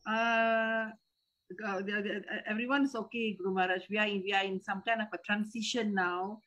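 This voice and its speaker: A woman's voice: medium pitch, fairly even intonation, brisk, a bit bright, poor audio. Hesitant Malaysian woman on a call. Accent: Malaysian English. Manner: hesitant, repeats words and restarts, respectful. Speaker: disciple calling in with a question. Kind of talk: casual chat.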